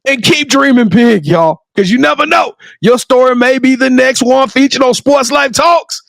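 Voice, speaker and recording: A man hosting a sports talk show, hyping his guest up and closing the episode with emphatic, shouted praise. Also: very high voice, normal speed, gravelly, dry recording. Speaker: podcast host. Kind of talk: energetic sports show sign-off.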